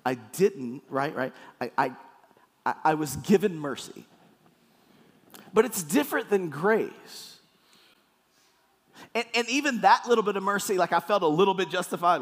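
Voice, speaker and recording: Guy pastor giving a sermon, lively jokey storytelling, slightly high voice, big echoey hall. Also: moderate pace. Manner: animated storytelling, playful and joking.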